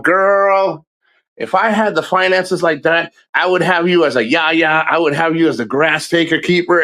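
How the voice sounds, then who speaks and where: A man's voice: fairly high pitch, a bit bright. A man chatting casually on a vlog outdoors near the water, rambling with lots of fillers, restarts and swearing. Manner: meandering, swears often, many fillers and restarts. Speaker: vlogger livestreaming.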